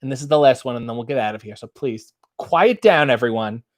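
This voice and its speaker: A man's voice: medium pitch, fairly quick. A middle-aged man hosting a casual live stream, reading out viewer comments and bawdy limericks with a playful sing-song lift. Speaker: host.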